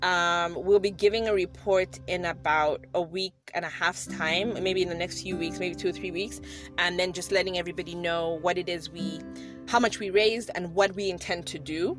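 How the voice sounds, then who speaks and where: A woman's voice: fairly low pitch, fairly even intonation, moderate pace. Chatty woman vlogger over background music. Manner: chatty, laughs often, many fillers and restarts. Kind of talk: personal storytelling to camera.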